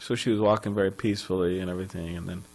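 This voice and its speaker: A man's voice: sits low, flat delivery, rapid-fire, darkish tone, poor audio. A man giving a scripture class at a temple, telling a story conversationally with many fillers and restarts. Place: temple hall.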